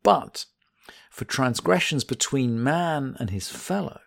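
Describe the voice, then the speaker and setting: A man teaching a religious text, reading each Hebrew line slowly and then explaining it in plain English. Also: mid-range voice, big pitch swings, creaky, no room sound, studio quality. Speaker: Talmud teacher. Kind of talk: text study lesson.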